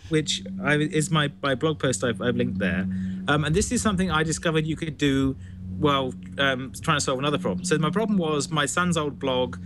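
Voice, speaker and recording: A man's voice: on the high side, a little fast, noisy background. A man from the UK, a guest on a casual tech panel, explaining things with frequent restarts. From United Kingdom.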